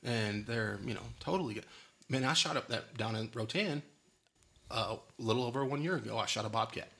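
A man's voice: mid-range voice, a little fast, vocal fry, a bit bright. Rambling, laughing man. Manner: rambling, laughs often, goes off on tangents. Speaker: podcast host. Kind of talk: casual chat.

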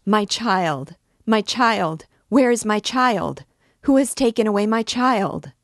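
A woman's voice: low voice, little pitch movement, measured pace, darkish tone, no room sound, studio quality. A woman voicing a desperate young mother crying out and pleading for her lost child in a storybook reading. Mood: frantic. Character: frantic grief-stricken young mother searching for her child.

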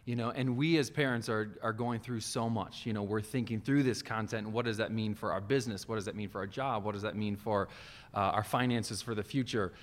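A man who pastors children speaks in a relaxed, thoughtful way, pausing with small fillers. His voice sits low, and a long reverb hangs around it. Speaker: kids ministry pastor. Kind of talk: casual discussion. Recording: reverberant room sound.

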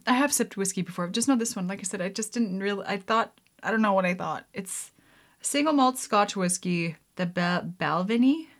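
A woman's voice: mid-range voice, moderate pace. A woman vlogging as she mixes a drink at home, chatting casually to her viewers, rambling with lots of "like" and "um", giggling and poking fun at herself. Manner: giggly, rambling, self-deprecating, many "like"s and "um"s. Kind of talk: casual chat to camera.

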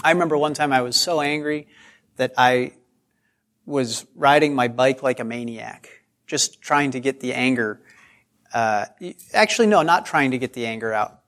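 Male pastor at mid pitch, chatty sermon delivery, stretches and repeats key words, self-deprecating asides. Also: normal speed, a bit bright. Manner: repeats phrases for emphasis, draws out key words.

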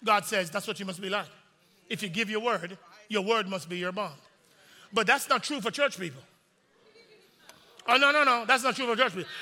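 A male pastor preaching a sermon in a large church, animated and calling on the congregation to respond. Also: high voice, normal speed, long pauses. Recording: long reverb in a large sanctuary.

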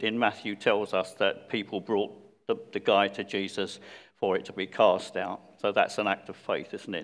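A low-pitched man preaches a sermon in a conversational, unpolished way, pausing and restarting as he goes. His voice rings out with a long reverb through a church hall. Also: little pitch movement. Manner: conversational, with hesitant fillers and restarts.

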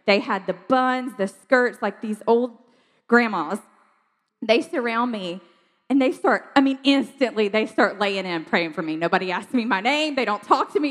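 A woman from South Georgia, telling a personal testimony in a chatty, animated way, laughing often. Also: a little high. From South Georgia, USA. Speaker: speaker sharing testimony. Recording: long hall reverb.

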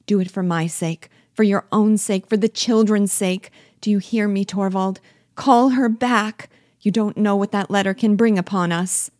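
A woman's voice: animated, moderate pace, dark tone, no room sound, studio quality. A woman reading aloud, voicing a frightened young wife who pleads urgently with her husband. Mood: pleading. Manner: pleading, rising to high urgency.

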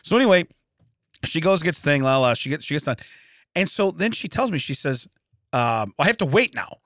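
A man co-hosting a podcast, telling a story in an animated rant, often laughing. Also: fairly high pitch, normal speed, no room sound, studio quality. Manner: animated ranting with frequent laughter. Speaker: podcast co-host. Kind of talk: casual comedic storytelling.

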